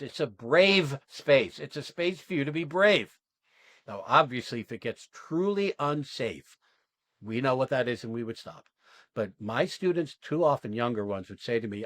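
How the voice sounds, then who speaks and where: A man's voice: medium pitch, lively intonation, normal speed, fairly bright tone, dry recording. A man coaching actors through an exercise, talking in an emphatic, blunt way and swearing freely. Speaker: acting coach. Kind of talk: coaching an acting class demo.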